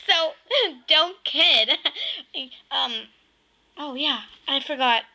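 A woman's voice: sits high, a little slow, pushed and bright, rough recording. A female speaker clowning through a homemade comedy skit, giggly and goofy, now and then breaking into silly sing-song. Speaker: home video maker.

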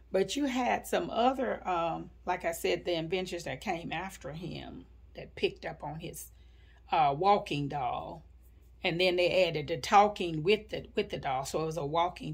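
A woman in her sixties telling a family story in an interview, unhurried and full of fillers and hedges. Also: on the low side, gravelly, breathy edge. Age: 60s.

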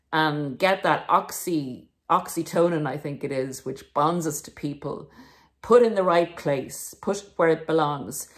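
Low-voiced woman giving earnest encouragement. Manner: emphatic and encouraging, addresses listeners as guys. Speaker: podcast host. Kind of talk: self-help monologue to viewers.

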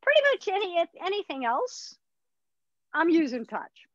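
A woman's voice: very high-pitched, sing-song, unhurried, no room sound, muffled recording. A woman dog trainer teaching a puppy class in a chatty, upbeat way. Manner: chatty, upbeat instructor who acts out dog voices.

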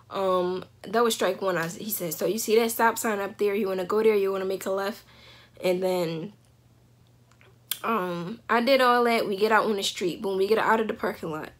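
A young woman tells a story straight to her viewers in a relaxed, chatty way. She laughs often and acts out what people said. Her pitch sits at a middle level for a woman. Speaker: vlogger telling a story. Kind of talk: casual storytelling.

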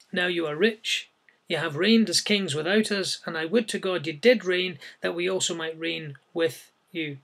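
A man delivers a verse-by-verse sermon in a high voice with a gravelly edge. He reads the scripture aloud and then explains it plainly to his listeners. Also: fairly bright tone. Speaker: preacher. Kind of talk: sermon, verse-by-verse Bible teaching.

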